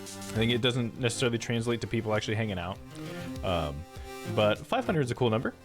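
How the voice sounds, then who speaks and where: A man's voice: lowish voice, quick pace. Guy streaming a game live, swears a lot, laughs, voice jumps all over, faint music behind. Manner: swears and laughs often, lively reactions. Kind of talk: casual live-stream chat.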